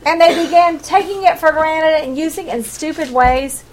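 A woman's voice: sits high, normal speed, low-quality recording. A woman preaching a sermon to her congregation, emphatic, acting out the quoted voices with big swings.

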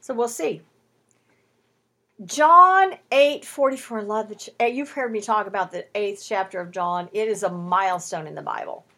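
Bright-voiced woman teaching the Bible. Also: medium pitch, normal speed. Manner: emphatic, asks rhetorical questions, stretches key words. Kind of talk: Bible teaching with scripture reading. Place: at home.

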